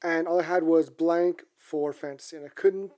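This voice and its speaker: A woman's voice: low voice, fairly even intonation, normal speed, warm tone. A woman co-hosting a podcast, from Canada, telling rambling stories in casual chat with frequent restarts.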